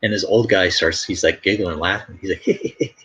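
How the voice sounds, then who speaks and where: This man has a deep, husky voice with a sharp tone, fairly even intonation, and a brisk pace. He's an artist hosting a live stream, chatting casually and telling meandering, filler-heavy stories over dull lo-fi audio.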